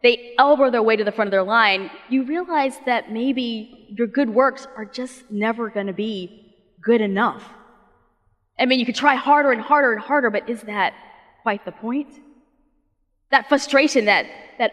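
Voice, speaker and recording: A woman's voice: on the high side, expressive, unhurried, a bit bright. A woman pastor giving a sermon in a conversational, storytelling way, with playful, casual asides. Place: church. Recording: long reverb of a church sanctuary.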